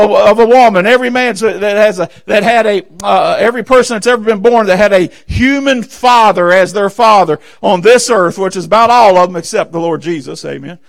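A man preaching a sermon from the pulpit of a church, fervent and emphatic, swinging between loud declarations and hushed asides, repeatedly calling out "amen" and "listen.". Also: high voice, gravelly. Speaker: pastor. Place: church sanctuary.

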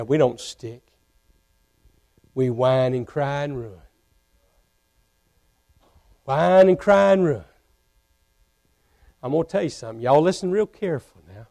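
A man preaching a sermon from a church pulpit, swinging between fervent shouting and hushed intensity. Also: a little high. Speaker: pastor. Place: church sanctuary.

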